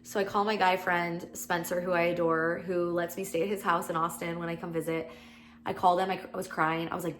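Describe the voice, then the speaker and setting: A woman's voice: lowish voice, level tone, fairly quick, a bit bright, slight background noise. Chatty woman podcast host, storytelling. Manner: chatty, peppered with "like", acts out quoted lines. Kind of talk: casual storytelling monologue.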